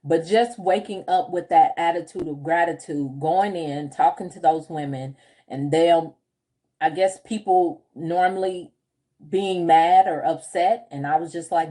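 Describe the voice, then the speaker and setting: A woman's voice: lowish voice, a little slow, mellow. A woman business coach chatting casually on a livestream, telling stories with frequent laughs and answering viewer comments. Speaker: group home business coach.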